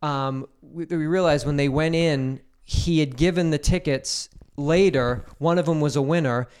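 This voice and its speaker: A man co-hosting a casual podcast chat, telling stories in an animated way, cursing freely and acting out the people he quotes. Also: on the high side, moderate pace, smooth. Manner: animated storyteller, swears freely, acts out quoted voices. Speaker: podcast co-host.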